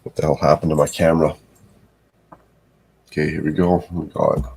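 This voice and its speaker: A deep-voiced man talks casually to his live-stream chat from his home setup. His voice is low and somewhat husky, and he rambles, curses and mutters to himself as he goes. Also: level tone, a little fast, a little mellow. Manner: rambling, swearing, talking to himself. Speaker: live streamer building sets.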